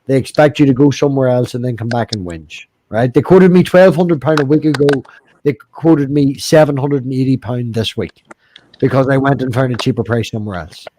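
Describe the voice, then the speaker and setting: A man's voice: mid-range voice, fairly quick, warm tone, a little hiss or hum. A man with a Northern Irish accent telling wry, chatty anecdotes in casual conversation. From Northern Ireland. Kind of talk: casual chat.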